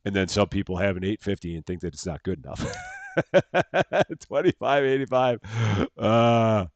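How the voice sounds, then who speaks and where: A man's voice: lowish voice, moderate pace, no room sound, muffled recording. A man chatting casually as he live-streams a game at home, thanking viewers by name and laughing at himself. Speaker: streamer playing a bank simulator game.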